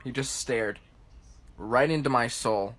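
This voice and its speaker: A man's voice: mid-range voice, takes it slowly, fairly bright tone. A young man in his twenties vlogging casually to camera from a tiny apartment, upbeat and self-mocking. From United States. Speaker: TikTok vlogger. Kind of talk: casual vlog narration to camera. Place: tiny New York City apartment.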